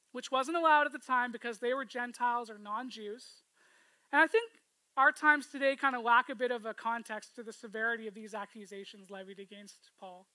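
A woman preaching a sermon, retelling a scripture story with expressive, storytelling delivery and asking listeners to imagine the scene. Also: sits high, dry recording, low-quality recording.

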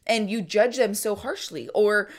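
A woman's voice: mid-range voice, unhurried. A woman co-hosting a podcast, telling stories casually and animatedly, acting out what people said and saying "like" often. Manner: animated, acts out quoted speech, frequent "like". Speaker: podcast co-host. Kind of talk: casual conversational storytelling.

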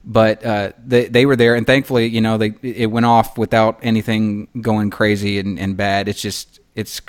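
A Southern American man and writer in casual conversation, halting and repeating himself, laughing often. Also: lowish voice, flat delivery, clean tone. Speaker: writer, podcast guest.

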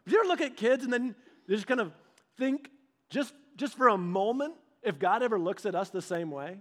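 A pastor with a high voice preaches briskly and conversationally, using casual fillers. He gets animated and acts out little dialogues.

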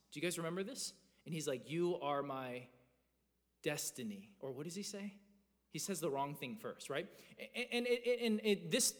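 A man in his thirties preaching a sermon as a pastor, earnest and animated, often restarting his phrases. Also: high-pitched. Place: church sanctuary. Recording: long reverb of a church hall.

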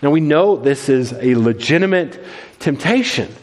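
A man's voice: mid-range voice, lively intonation, moderate pace, a little mellow. A man preaching a sermon as pastor, earnest and full of restarts. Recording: long hall reverb.

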